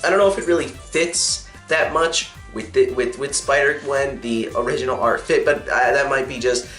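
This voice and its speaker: A man's voice: medium pitch, normal speed, a bit bright. A young man casually reviewing a comic, recapping the plot in a rambling way with many fillers and restarts. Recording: echoey room with faint music.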